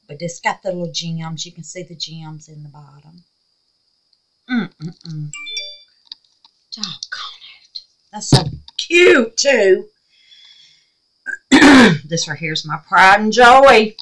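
A middle-aged woman hosting a crafting video, talking casually and excitably with many exclamations. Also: fairly low pitch, slight background noise, rough recording. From Southern United States. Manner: chatty, excitable, frequent exclamations. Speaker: resin craft video host. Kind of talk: casual crafting demo talk.

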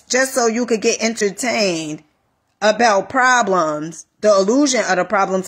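A woman life coach giving a casual motivational talk, animated, repeating phrases and calling listeners honey. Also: on the high side, breathy edge.

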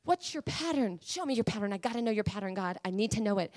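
A woman preacher delivering a sermon, emphatic and pleading, at times rising to high fervent cries. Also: fairly even intonation, very fast, darkish tone.

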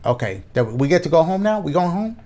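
A man with a notably high voice riffs through a let's play with loud, profane, excitable banter. He talks in quick slang and reacts to everything out loud. Faint background music plays under his commentary. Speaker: gaming YouTuber.

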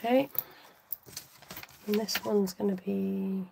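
A woman's voice: medium pitch, steady tone, slow pace, gravelly, background noise. A woman hosting a card-making tutorial, chatting and thinking aloud to herself as she works. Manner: chatty, self-talking, giggly, scattered.

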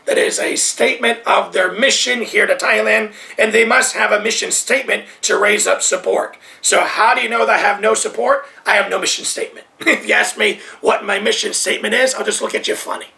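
A man's voice: sits high, fairly even intonation, brisk, creaky. A man from the United States preaching a sermon, repeating his points with emphasis and dropping to near whispers. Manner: repetitive emphatic preaching, swinging from loud to hushed. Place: Thailand.

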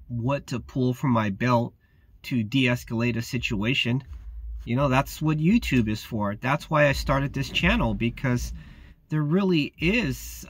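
A man's voice: medium pitch, a bit bright, dry recording. A man who works as a security guard, talking casually in a laid-back, slangy way and often saying "man". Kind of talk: casual vlog talk.

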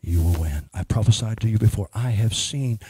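A man's voice: on the low side, a little fast, warm tone, a little hiss or hum. A man ministering as a prophet, speaking emphatically and praying over a woman in church. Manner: emphatic, prays over a person.

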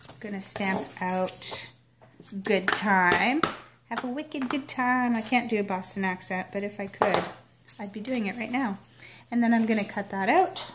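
Against a noisy background, a papercraft demonstrator speaks at medium pitch and a moderate pace with fairly even intonation. She narrates her card making step by step in a relaxed, chatty tutorial.

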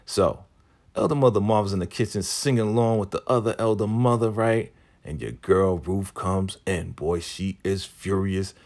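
A man recapping a TV episode in a casual, animated, slangy way, acting out the characters' lines. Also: low-pitched, moderate pace. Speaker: TV recap vlogger.

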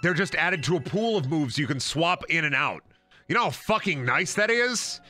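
A man's voice: a little high, animated, normal speed, sharp tone. A young man streaming a video game, joking, rambling and swearing freely as he plays. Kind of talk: casual game stream commentary. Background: faint game music.

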